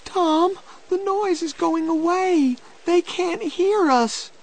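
A man voicing a frightened young girl lost in a cave, high, tearful and pleading, in a storybook reading. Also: expressive, slow pace, vocal fry, heavily acted. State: crying.

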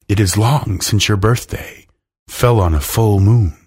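A man reading a storybook aloud, voicing a male king cobra lord who speaks in a soft, slow, hissing way. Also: on the low side, husky. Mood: soft, courtly. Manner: soft, slow, stately hiss.

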